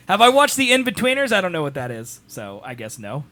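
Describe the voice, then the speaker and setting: A man's voice: on the high side, wildly swooping pitch, fairly quick, hardly any pauses, sharp tone. A young adult man co-hosting a podcast in casual chat, rambling and self-mocking, laughing easily. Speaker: podcast co-host.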